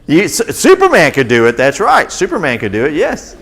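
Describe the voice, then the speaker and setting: A man's voice: fairly high pitch, brisk, gravelly. A man telling a Bible story to children as their teacher, stopping often to ask the kids questions. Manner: animated, asks children questions.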